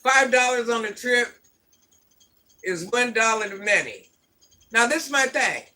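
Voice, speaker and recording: A woman's voice: on the high side, animated, unhurried, sharp tone. A middle-aged woman hosting a livestream, ranting bluntly at viewers and repeating her points like a sermon. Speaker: livestream host.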